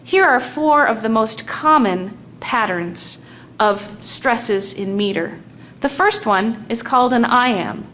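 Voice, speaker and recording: A woman teaching a lesson on poetic meter, speaking slowly and deliberately and tapping out the stressed and weak beats aloud. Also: a little high, animated, fairly bright tone, slight background noise.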